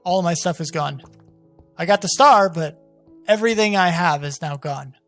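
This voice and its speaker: An excitable gameplay commentator who keeps breaking into exasperated outbursts and addresses the viewers directly. The voice sits at a middling pitch. Faint game music plays underneath. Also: normal speed. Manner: talks to viewers as "guys". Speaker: gaming channel host.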